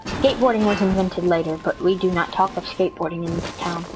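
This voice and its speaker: A woman narrating a mock nature documentary with deadpan, absurd humor. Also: lowish voice, fast talker, music in the background, low-quality recording. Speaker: video creator.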